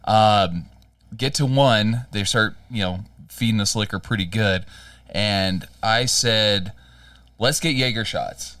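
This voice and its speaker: A man's voice: lowish voice, slow pace, sharp tone, dry recording, clean studio sound, recorded from a distance. A man co-hosting a podcast, telling a rambling, profane story in casual chat. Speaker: podcast co-host.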